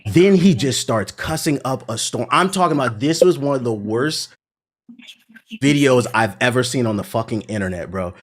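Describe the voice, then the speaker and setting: A man who makes gaming content, ranting to his chat in an animated, profane and indignant way. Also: medium pitch, normal speed.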